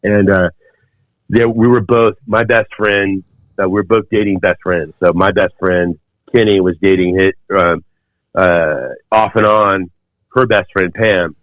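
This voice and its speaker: This lowish-voiced man in his fifties, appearing as a podcast guest, unspools a lengthy conversational story with plenty of fillers and restarts. His intonation is fairly even and his pace unhurried, and the recording is dull and very dry with no echo.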